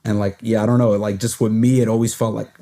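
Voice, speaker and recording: A man's voice: lowish voice, flat delivery, quick pace, mellow. A man hosting a podcast, talking casually and at length, full of "like" fillers and laughing at himself now and then. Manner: rambling, heavy use of "like" fillers, laughs at himself. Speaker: podcast host. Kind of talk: casual conversation.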